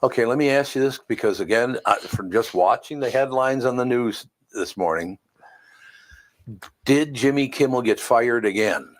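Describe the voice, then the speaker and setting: A man's voice: mid-range voice, normal speed. A man hosting a casual panel chat, chatty and putting questions to the others.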